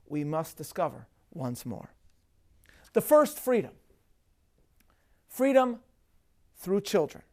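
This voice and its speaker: A man with a fairly high voice speaks as a rabbi in a scripted lecture. His delivery is measured and emphatic, with Hebrew terms dropped in along the way. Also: a little mellow. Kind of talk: scripted lecture on a religious festival.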